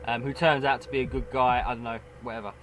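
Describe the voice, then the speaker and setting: A man's voice: mid-range voice, flat delivery, quick pace, over music, poor audio. A man co-hosting a casual chat, rambling and cutting himself off mid-sentence. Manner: rambling, self-interrupting. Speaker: co-host.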